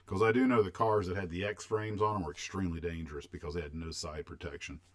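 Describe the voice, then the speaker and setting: A man's voice: low-pitched, fairly even intonation, fast talker. An older man from the United States hosting a livestream, chatting casually and rambling as he reminisces and answers viewers' questions. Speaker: livestream host.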